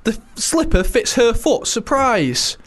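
A man's voice: very high voice, sing-song, measured pace, fairly bright tone. A man co-hosting a radio show, chatting casually in a self-deprecating way. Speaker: radio co-host. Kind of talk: casual chat.

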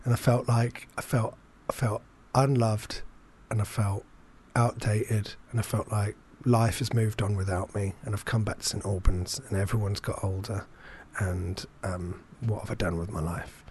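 A young adult man from England telling a long, self-deprecating anecdote in casual chat, halting often with fillers and restarts. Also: lowish voice, steady tone, darkish tone, slight background noise. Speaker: podcast guest storyteller.

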